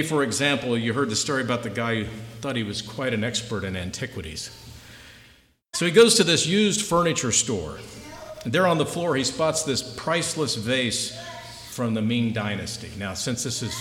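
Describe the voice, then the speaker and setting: Animated preacher in an echoey hall. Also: male voice. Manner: animated storytelling, voices rising high in anecdotes. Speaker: pastor. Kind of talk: sermon. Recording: echoey hall, faint noise.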